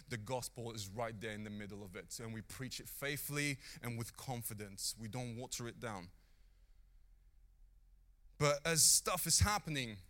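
A man preaching a sermon with earnest, animated delivery, acting out the people in his stories. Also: medium pitch.

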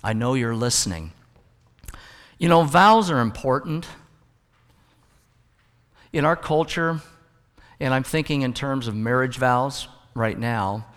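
A man's voice: mid-range voice, a bit bright. A male pastor preaching a sermon in a conversational way, with jokes and stories. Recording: long hall reverb.

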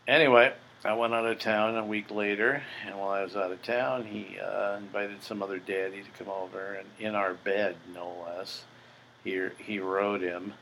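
A man's voice: fairly low pitch, fairly even intonation, moderate pace, vocal fry, fairly bright tone, slight background noise, rough recording. An older man hosting a podcast, telling a story in a blunt, profane, boastful way. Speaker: podcast host. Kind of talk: casual storytelling monologue.

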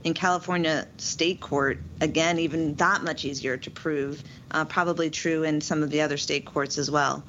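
A woman co-hosting a legal podcast, speaking in a measured way and posing questions to her guests. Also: deep voice, fairly even intonation, fairly bright tone. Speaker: podcast co-host. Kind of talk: conversational legal podcast discussion. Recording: dull lo-fi audio with faint noise.

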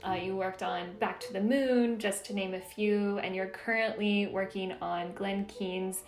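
A woman hosts an interview podcast with effusive, gushing warmth toward her guest, laughing often. Her voice carries a gravelly fry and sounds roomy, as if from an echoey space. Her pitch is middling. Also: steady tone, unhurried, soft background music. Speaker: podcast host and producer. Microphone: video call mic.

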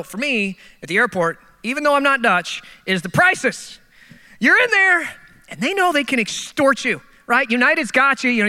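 A man preaching a sermon with a high, very bright, ringing voice. He tells comic stories from the pulpit and keeps breaking into animated, exasperated rants. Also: smooth. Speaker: pastor.

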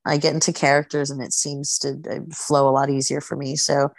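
A woman chatting casually as a podcast guest, animated and laughing often, restarting her sentences as she goes. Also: very deep voice, a little fast, no echo. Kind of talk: casual chat.

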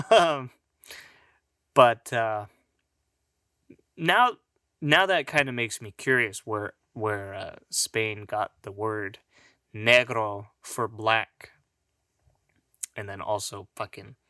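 A man's voice: mid-range voice, slow, long pauses, bright, forceful tone, dry recording, studio quality. A man of Mexican heritage rambling through a casual, profane monologue, often laughing at his own jokes.

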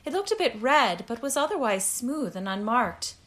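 A woman reading a story aloud as narrator, in a measured, even way. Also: a little high. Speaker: audiobook narrator. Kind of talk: scripted narration.

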